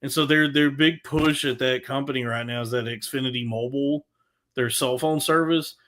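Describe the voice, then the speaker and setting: Crude, fast-swearing man telling stories. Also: medium pitch. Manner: crude, profanity-heavy storytelling; animated, frequent restarts. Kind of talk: casual podcast chat.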